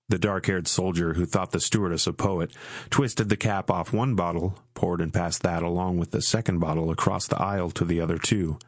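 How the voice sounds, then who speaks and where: A man reads an audiobook with a very deep, low voice. His narration is measured and even. The recording is close and dry, with no room sound. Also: no echo.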